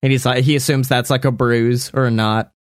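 A man casually making up a story out loud, rambling, laughing and swearing often. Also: mid-range voice, steady tone, fairly quick, no room sound, clean studio sound. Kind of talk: casual improvised story brainstorming.

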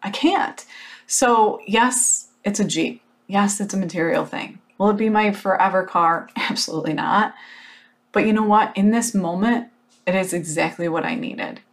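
A woman speaks to her audience in a casual motivational talk, telling the story with animated emphasis and filling it with "like." She is blunt and unfiltered and does not mind a curse word now and then. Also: medium pitch, moderate pace. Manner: blunt, occasional swearing.

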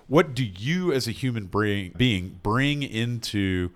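Middle-aged male host from North Carolina with a lowish voice, chatty and rambling. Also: fairly bright tone. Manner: rambling, thinks aloud with restarts. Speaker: host and mediator. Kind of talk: conversational interview.

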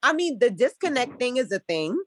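A woman's voice: on the high side, sing-song, normal speed. A young adult woman speaking frankly and loosely in a casual chat as co-host. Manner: frank, laid-back, lots of "like" fillers. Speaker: podcast co-host.

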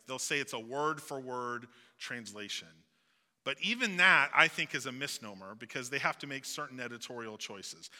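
A man's voice: medium pitch, pushed and bright. Guy preaching a sermon, southeast missouri accent, chatty and jokey, echo hangs in the big room. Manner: conversational, joking asides. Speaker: pastor. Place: church sanctuary. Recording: long hall reverb.

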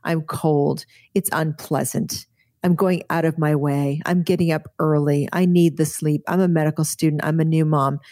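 A woman with a lowish, mellow voice tells a story in an earnest, vivid way, circling back on her words as she goes. The sound is close and dry, with no room around it. She speaks as a guest physician on an interview show. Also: fairly even intonation, moderate pace, no room sound. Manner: earnest, vivid, with frequent restarts.

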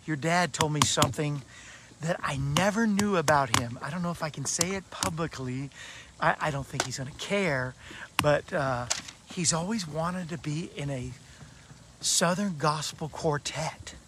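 A man hosting a live Christian talk show, enthusiastic and chatty with quick amens. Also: a little high. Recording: noisy live broadcast.

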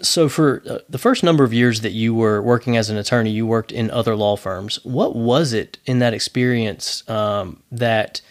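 A man hosting a podcast, interviewing his guest in a relaxed way with lots of fillers. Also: mid-range voice, moderate pace, hardly any pauses. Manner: relaxed, uses fillers, asks questions. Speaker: podcast host.

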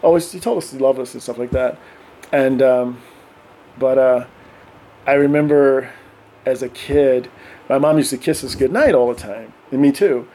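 A middle-aged man telling animated stories in casual podcast chat, often acting out voices and laughing. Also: mid-range voice, normal speed, long pauses. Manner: animated, acts out voices of his kids and himself, laughs often. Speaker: podcast guest.

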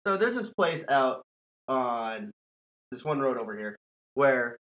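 A man's voice: mid-range voice, lively intonation, a little slow, long pauses, fairly bright tone, rough recording. A man hosting a podcast, telling a scary story in casual, profane chat and laughing often. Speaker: podcast host.

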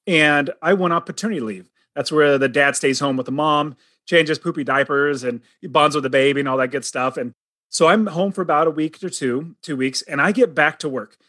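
A man's voice: a little high, pushed and bright, no room sound. A middle-aged man telling his personal story as a guest, earnest and dramatic, acting out the lines he quotes.

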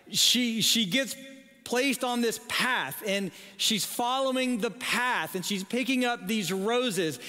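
A man in his forties preaching a sermon, telling a story in a self-deprecating, animated way with halting restarts. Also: very high voice. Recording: long reverb in a large hall.

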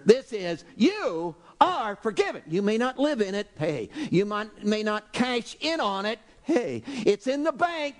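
A male pastor preaching a sermon, animated and exclaiming, acting out voices from the story. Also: high voice.

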